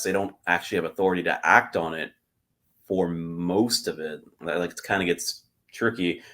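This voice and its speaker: Man, very low voice, casual podcast chat, rambling, lots of fillers. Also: a bit bright. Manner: rambling, many fillers and restarts. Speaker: podcast co-host.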